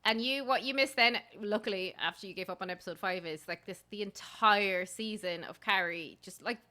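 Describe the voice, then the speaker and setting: Bright-voiced woman, chatty. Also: mid-range voice, normal speed. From Ireland. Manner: chatty, laughing often. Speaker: podcast host. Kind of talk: casual chat.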